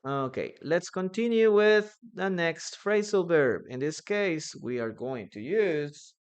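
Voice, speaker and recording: Man, Peruvian Spanish accent, English teacher on a live stream, slow and unhurried, echoey room. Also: fairly high pitch, animated. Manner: reads chat questions aloud and answers viewers. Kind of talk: live online English lesson.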